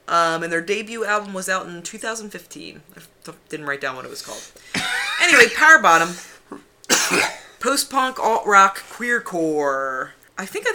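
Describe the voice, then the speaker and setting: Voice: medium pitch, sharp tone. A co-host of a music review podcast, talking in a rambling, self-deprecating way with swearing. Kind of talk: casual music review chat.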